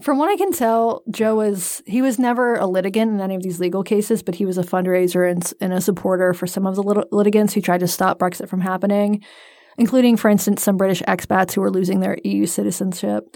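A woman's voice: mid-range voice, fairly even intonation, quick pace, dark tone, no echo. A woman co-hosting a podcast, telling a story in a dry, joking, casual way. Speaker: podcast co-host.

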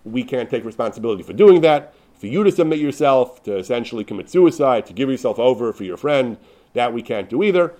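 A man's voice: medium pitch, animated, brisk, mellow. A man teaching through a story, explaining religious law, often repeating words as he goes. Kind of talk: storytelling lesson.

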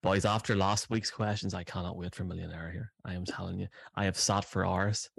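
Deep-voiced Irish man, deadpan. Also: brisk, gravelly, husky, no echo. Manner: deadpan self-flattering, hard to read. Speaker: producer. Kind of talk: casual podcast banter.

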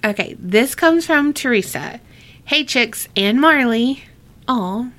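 A woman's voice: a little high, expressive, takes it slowly, a bit bright. Chatty woman reading ghost stories. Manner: chatty, laughs often, swears casually. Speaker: podcast co-host. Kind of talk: casual chat, reading listener stories aloud.

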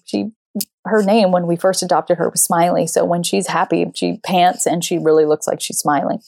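A middle-aged woman hosting a talk show, telling a story in a lively, conversational way and acting out the people she quotes. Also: on the low side, moderate pace, gravelly, no echo. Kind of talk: conversational monologue.

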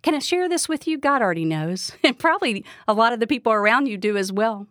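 A woman's voice: fairly high pitch, animated, fast, fairly bright tone, no echo, studio quality. Earnest woman giving a devotional talk. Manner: earnest, direct questions to the listener. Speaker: Bible teacher. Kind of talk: devotional teaching.

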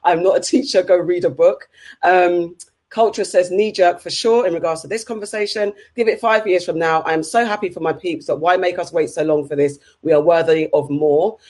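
A woman co-hosting a casual chat show, reading viewer comments aloud in a brisk, upbeat way. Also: lowish voice, a little mellow. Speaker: podcast co-host.

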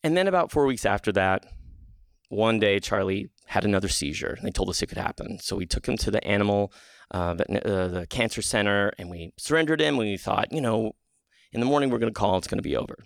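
A man telling a personal story on stage, lively, acting out the quotes with sudden jumps up in pitch. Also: fast talker, gravelly, dry recording.

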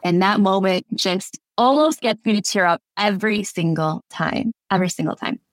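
A woman's voice: medium pitch, normal speed, no room sound. A woman wedding officiant, a podcast guest, telling stories in casual chat and laughing often. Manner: warm storyteller, laughs often.

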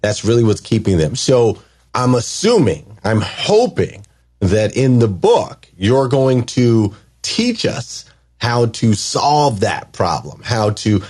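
A man's voice: mid-range voice, sing-song, slow, a little mellow, husky. A man hosting an interview, affirming his guest's points and asking long, layered questions. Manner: affirming, asks long multi-part questions. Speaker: interview host. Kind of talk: conversational interview.

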